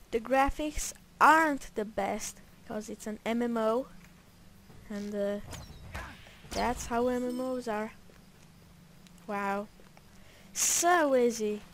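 A woman's voice: mid-range voice, slight background noise. A woman giving casual gameplay commentary in a playful, rambling way, with joking asides to herself. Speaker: gameplay narrator.

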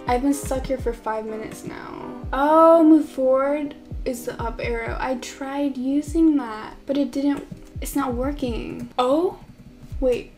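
A woman's voice: high-pitched, fairly even intonation, takes it slowly, a little mellow. A young woman giving casual, confused, exclamation-filled commentary while playing a game for the first time. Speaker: gaming YouTuber. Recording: clear background music under voice. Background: background music.

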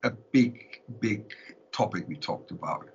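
A man with a German accent, a musician guest telling stories in a casual interview, animated, laughing often and repeating words. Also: on the low side, takes it slowly, gravelly, slight background noise. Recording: dull lo-fi sound.

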